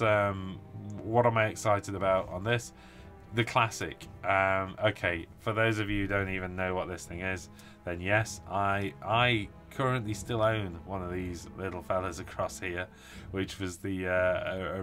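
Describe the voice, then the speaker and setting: Low-voiced British man, tired. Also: a bit bright. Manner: enthusiastic, rambling with many fillers. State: tired from little sleep. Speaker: host of a tabletop wargaming live stream. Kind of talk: casual live-stream chat.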